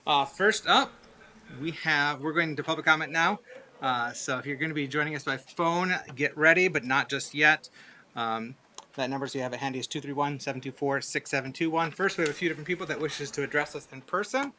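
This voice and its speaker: A man chairing a city meeting, calling up speakers in a brisk, procedural way. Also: on the high side, bright, forceful tone, slight background noise. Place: city council chamber.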